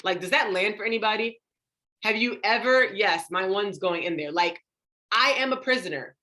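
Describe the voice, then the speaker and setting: Bright, animated woman coaching live. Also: normal speed. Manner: animated, acts out inner voices with big pitch jumps; drops soft and low on emotional words. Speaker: confidence coach. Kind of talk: live motivational talk to an online audience.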